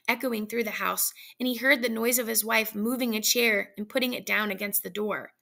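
A woman narrating a story aloud in a measured, suspenseful way. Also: mid-range voice, vocal fry, pushed and bright. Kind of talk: dramatic story reading.

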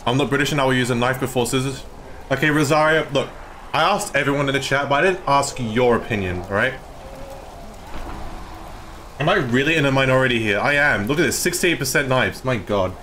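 A man with an Australian accent, live-streaming and excitedly arguing with his chat, swearing often. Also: mid-range voice, a little fast, slight background noise.

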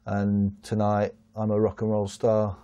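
A man's voice: lowish voice, completely flat delivery, a little slow, dark tone, dry recording, muffled recording. A man giving wry, ironic commentary in an interview.

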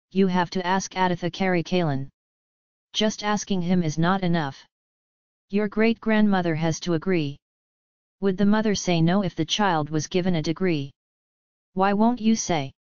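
A woman's voice: on the low side, darkish tone, smooth, no room sound, natural voice. A woman voicing an ailing old emperor and worried father in an audiobook, speaking in a grave, solemn way. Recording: slightly dull lo-fi audio.

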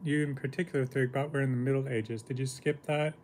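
A man speaks at a middling pitch in a loose, unscripted monologue. He pauses, clears his throat often, and asks questions that he answers himself. A faint hiss of noise sits under his voice. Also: fairly even intonation, a little mellow. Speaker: entertainer talking to his angels. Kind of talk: casual monologue with book reading.

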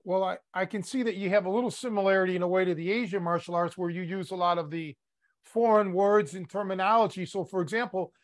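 A man's voice: high-pitched, steady tone, fast. A man from the Chicago area hosting a podcast, asking playful, teasing questions in casual interview chat. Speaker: podcast host, catch wrestling coach.

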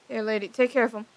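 A young woman streaming a game, joking and teasing the characters in casual commentary. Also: a little high. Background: game music.

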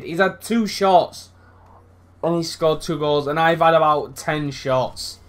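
A young man commentating on his own football video game match, sweary and excitable, swinging from low mutters to loud outbursts. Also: takes it slowly. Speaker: gaming YouTuber.

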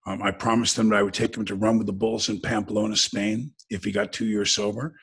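A man with a gravelly, husky voice, chatting as a guest and telling stories in a lively, joking way. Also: lowish voice, fairly quick. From United States. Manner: storytelling, animated, jokey. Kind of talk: casual conversation.

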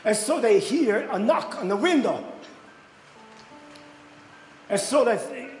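A man preaching a sermon, telling stories in a lively way and rising to excited shouts. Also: sits high, slow pace. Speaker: pastor. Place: church hall. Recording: echoey hall with faint music.

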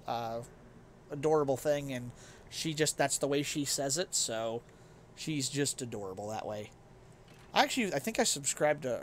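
There's slight background noise as a young man streams a game and chats with his viewers in a medium-pitched voice. He reads chat, rambles, pokes fun at himself and laughs without much prompting.

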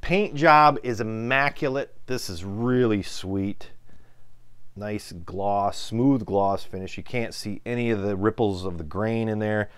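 A man with a Midwestern American accent reviewing a guitar in a relaxed, chatty way, filling pauses with ums and uhs. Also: lowish voice, smooth. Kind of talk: casual product review.

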